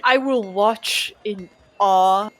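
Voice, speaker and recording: A woman's voice: medium pitch, very slow. A woman playing her character in a tabletop game, polite and formal. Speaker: player.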